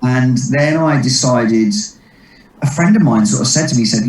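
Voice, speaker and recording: A man, a comedian telling rambling stories in a relaxed interview, quick to laugh. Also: mid-range voice. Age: 30s. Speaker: comedian and impressionist guest. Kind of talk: casual interview chat. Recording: echoey distant mic.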